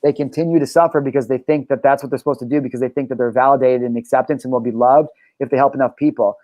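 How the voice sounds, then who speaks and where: A young adult man talks at a rapid clip in a warm, mellow voice, pressing his points hard and swearing freely as he tells his story. The sound is dry and close. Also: mid-range voice, steady tone, dry recording. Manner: emphatic and profane, telling personal stories. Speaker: show host and life coach. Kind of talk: casual podcast conversation.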